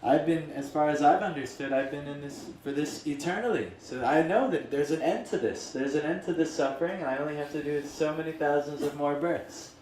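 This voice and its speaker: A man voicing a humble, grateful shoe tailor in a spoken story, his voice raised high. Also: fairly quick, few pauses, reverberant, distant mic, slight background noise, lightly acted, rough recording. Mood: earnest. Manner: excited, grateful.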